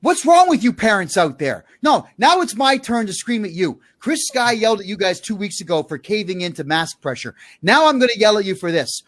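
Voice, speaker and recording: A talk-show host with a high-pitched man's voice, ranting in a loud, angry tone. He hammers at the audience with fierce, forceful delivery. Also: lively intonation, a little fast, hardly any pauses. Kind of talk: fiery talk-show rant.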